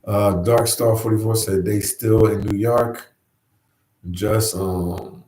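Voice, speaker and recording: A man's voice: on the low side, fairly even intonation, slow pace, a little mellow, echoey room, poor audio. A man hosting a casual livestream, reading viewer comments and chatting in an easygoing way, repeating himself and often saying "man". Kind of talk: casual live chat. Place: New York.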